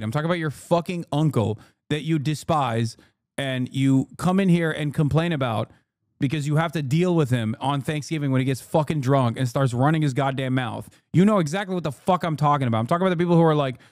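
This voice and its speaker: A man livestreaming political commentary, reacting to his chat with a profane, combative, rapid-fire delivery. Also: a little high, darkish tone, dry recording, studio quality. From lives in California.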